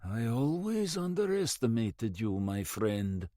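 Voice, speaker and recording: A man doing a calm, treacherous Russian. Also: on the low side, takes it slowly, no echo, studio quality. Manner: calm, soft-spoken.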